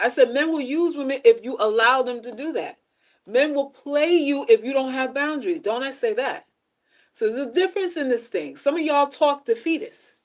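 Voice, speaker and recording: This is a relationship-advice livestream hosted by a woman in a casual style. She addresses viewers directly, goes over the same things repeatedly, and alternates soft asides with loud, high outbursts.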